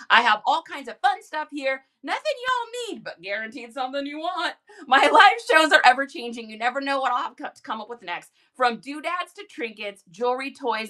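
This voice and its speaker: Bright, bubbly woman livestream host. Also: high-pitched. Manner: energetic, chatty, quick laughs. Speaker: live stream host. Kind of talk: casual live chat.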